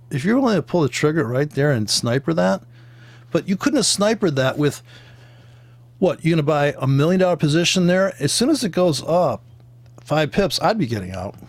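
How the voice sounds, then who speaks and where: A man's voice: a little high, no room sound. A man rambling through casual, joking commentary on forex trading, swearing freely and wandering off into tangents. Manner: profane, joking, tangent-prone, with laughs and sound imitations.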